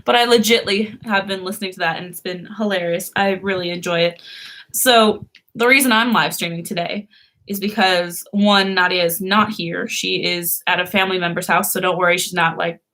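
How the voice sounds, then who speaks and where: A woman's voice: fairly low pitch, steady tone, moderate pace, bright, forceful tone. A young woman chatting casually on a live stream, rambling with fillers and small laughs.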